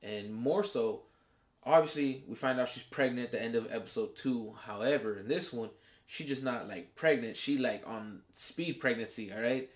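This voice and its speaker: A man's voice: medium pitch, moderate pace. Male host for a casual episode review, slangy and foul-mouthed, mid-range voice, acts out the characters' reactions.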